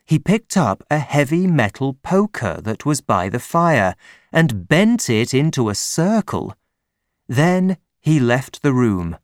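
A man narrating a story audiobook in a clear, careful reading manner. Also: medium pitch, big pitch swings, takes it slowly, no room sound, studio quality. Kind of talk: scripted narration.

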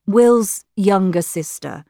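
Woman reader as an older grandfather, soft-spoken and hesitant, unhurried. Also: medium pitch, lively intonation, vocal fry, no room sound, studio quality. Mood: gentle.

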